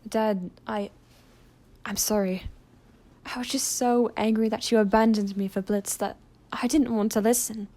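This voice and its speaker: A woman plays a hesitant young female owl demon in a fan audio drama. She talks in an earnest, halting way with a warm, mellow tone. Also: a little high, fairly even intonation.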